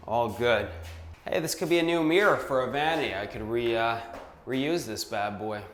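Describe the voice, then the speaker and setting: A man's voice: mid-range voice, normal speed, fairly bright tone, long reverb tail, a little hiss or hum. A man, a real estate investor, walking through a renovation and talking in punchy, hyped short phrases. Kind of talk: walkthrough vlog. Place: empty house under renovation, indoors.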